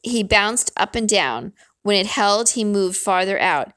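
A woman's voice: mid-range voice, lively intonation, a little slow, a bit bright, no echo. A woman reading a novel aloud, telling the story expressively in first person. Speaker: narrator.

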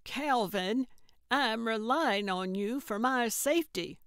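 A woman voicing a cantankerous, blunt elderly woman sleuth in an audiobook, talking loudly and indignantly. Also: a little high, slow, smooth, no room sound, clean studio sound, pitched above the performer's own voice. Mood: brash. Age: older. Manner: brash, hollering, indignant. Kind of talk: audiobook character voice.

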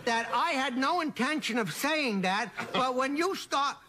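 A man's voice: very high voice, expressive, measured pace, bright, forceful tone, slight background noise. An older man, a comedian guest on a talk show, telling a joke with mock broken speech. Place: TV studio with live audience.

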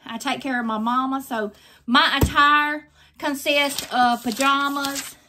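A woman's voice: high-pitched, fairly even intonation, unhurried, background noise. An older woman, chatting effusively to her viewers while opening mail in a casual vlog. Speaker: craft vlogger.

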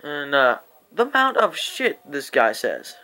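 A man telling a story-time vlog in a casual, profane, animated way. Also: on the high side, measured pace. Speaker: vlogger.

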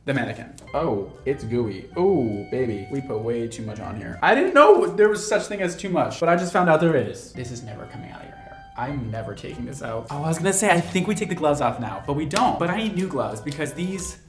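Male stylist-vlogger, self-mocking and exclaiming, voice swings high and low, echoey room. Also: big pitch swings, fairly quick, hardly any pauses. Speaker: hairstylist. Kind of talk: casual vlog chat. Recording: roomy echo, faint music.

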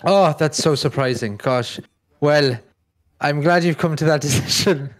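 A man's voice: a little high, unhurried. A man playing in a tabletop game, speaking casually with hesitant, stammering restarts. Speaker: player.

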